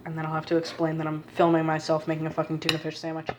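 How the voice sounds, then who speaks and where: Low-voiced woman rambling in her kitchen. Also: completely flat delivery, racing, background noise. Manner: rambling, profane, muttering to herself. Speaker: vlogger. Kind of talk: casual self-filmed cooking vlog. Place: home kitchen. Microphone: phone held in one hand.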